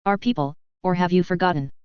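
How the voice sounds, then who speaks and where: A woman's voice: on the low side, fairly quick, clean tone, no room sound, muffled recording, close to an everyday voice. Woman voicing a sarcastic raider princess. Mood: dry. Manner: dry, flat, sarcastic.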